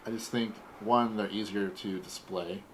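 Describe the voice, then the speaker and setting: A man in his forties hosting a casual toy unboxing, talking in a relaxed, rambling way. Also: fairly low pitch, moderate pace, slight background noise, low-quality recording. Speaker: toy collector host.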